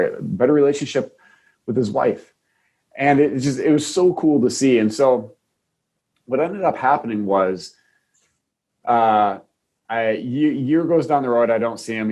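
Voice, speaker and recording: Speaking in a mid-range, darkish voice, a male chiropractor from Wisconsin, USA, appears as a podcast guest. His story is personal and heartfelt, delivered earnestly with frequent restarts mid-sentence.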